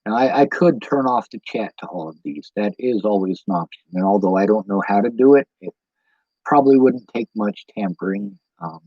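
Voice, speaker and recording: Lowish, slightly rough, and expressive, this man's voice moves at a moderate pace as he rambles to his stream chat in a Midwestern American accent. Tired from too little sleep, he drifts between tangents with frequent ums, captured in dull lo-fi audio with no echo.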